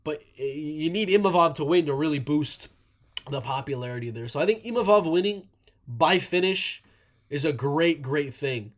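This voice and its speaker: A man talks through upcoming fights in casual solo commentary, his voice sitting a little high. He is animated, and he often stumbles into repeated words and restarts his sentences. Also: moderate pace. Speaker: MMA commentator.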